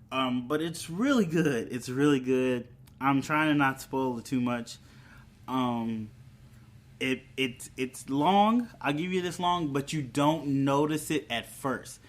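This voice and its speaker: A man's voice: medium pitch, fairly bright tone. A man hosting his own channel, giving a casual, rambling movie review with many ums and restarts.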